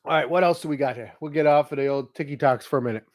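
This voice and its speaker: Animated, swearing storyteller man. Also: a little high, rapid-fire. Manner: animated storyteller who swears and laughs freely. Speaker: motivational vlogger. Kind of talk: casual monologue, reading notes aloud.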